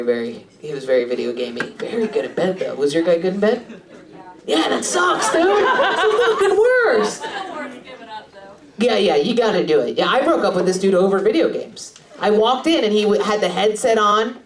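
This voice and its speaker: A woman's voice: mid-range voice, very animated, distant mic. Brash woman comic on a club stage. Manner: brash, crude, quick asides to the audience. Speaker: stand-up comedian. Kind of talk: stand-up crowd work. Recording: roomy club sound, crowd laughter.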